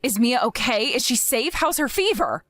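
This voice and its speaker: A woman's voice: a little high, expressive, moderate pace, fairly bright tone, no room sound, clean studio sound. A woman voicing a stern grandmother in an acted story, demanding and scolding. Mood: worried. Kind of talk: scripted story acting.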